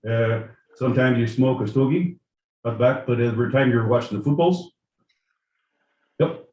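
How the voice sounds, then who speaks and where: A man's voice: medium pitch, moderate pace, a little mellow, reverberant, recorded from a distance, dull audio, natural voice. A man putting on a hockey-loving guy with a mock Canadian accent and a folksy manner. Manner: folksy, tacks on "eh".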